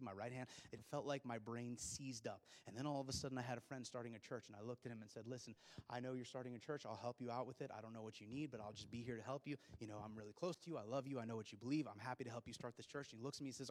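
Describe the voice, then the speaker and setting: Preacher in a reverberant hall. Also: male voice, mid-range voice. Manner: storytelling, swings from hushed to loud and excited. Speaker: pastor. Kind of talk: sermon.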